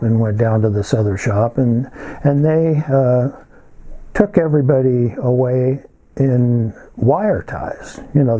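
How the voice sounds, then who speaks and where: An older man telling a story in a casual monologue, halting and rambling with many filler pauses. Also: medium pitch, mellow, muffled recording.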